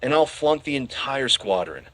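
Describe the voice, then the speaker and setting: A man's voice: medium pitch, very animated, normal speed, fairly bright tone, no echo. Man doing a bellowing giant drill instructor. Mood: stern bellowing. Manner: bellowing, barking orders. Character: huge bellowing male weapons instructor, stern.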